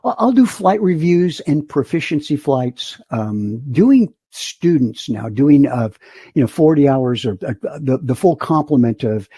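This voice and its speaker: Husky and medium-pitched, the voice moves at a measured pace with no echo. It's an older flight instructor telling stories as a podcast guest, animated throughout and voicing the characters he mentions.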